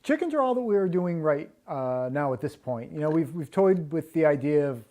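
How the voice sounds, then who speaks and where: A man's voice: fairly high pitch, lively intonation, moderate pace, mellow. A man who is a homesteading guest, explaining his projects in an easygoing, casual interview. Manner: easygoing, explanatory, many fillers.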